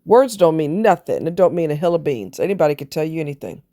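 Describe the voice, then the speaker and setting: A woman speaks bluntly and emphatically, preaching her views with casual swearing. Her voice is low and mellow, close to a single mic. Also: big pitch swings, quick pace. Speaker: relationship commentator. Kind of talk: opinionated monologue.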